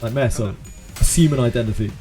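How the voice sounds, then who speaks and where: A man's voice: mid-range voice, brisk, warm tone, faint music behind. A man with a Cornish accent chatting casually and laughing while he streams a video game. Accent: Cornish English. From Cornwall, England. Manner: chatty, laughs often, sings snatches of sea shanties. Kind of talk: casual gameplay commentary.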